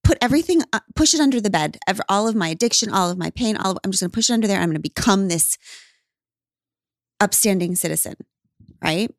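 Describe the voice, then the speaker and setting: A woman in a relaxed podcast conversation, telling a personal story with candid humor and the odd swear. Her voice sits at an ordinary middle pitch. She is recorded close up, with a dry, unroomy sound. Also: quick pace, no echo. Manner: candid, swears, acts out her own past lines. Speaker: podcast guest. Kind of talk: casual storytelling chat.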